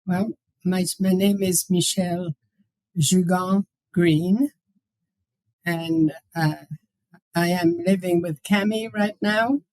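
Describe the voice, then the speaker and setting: A woman, a guest on a podcast, speaking haltingly as she searches for words. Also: on the low side, steady tone, darkish tone, no room sound, poor audio. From France. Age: 90s. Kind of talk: casual podcast interview.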